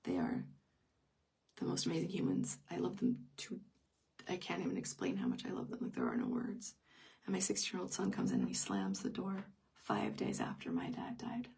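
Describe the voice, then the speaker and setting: A woman's voice: a bass voice, huge pitch swings, moderate pace, vocal fry, a little mellow, breathy edge, far from the mic. A middle-aged woman telling a personal story in an unscripted live stream, intimate and emotional, often dropping to a whisper. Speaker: grief teacher.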